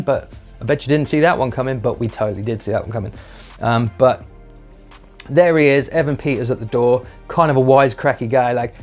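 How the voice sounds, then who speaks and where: A man's voice: mid-range voice, normal speed, darkish tone, soft background music. A man giving a chatty, enthusiastic spoken review, swearing casually and briefly acting out lines in put-on voices. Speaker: video reviewer.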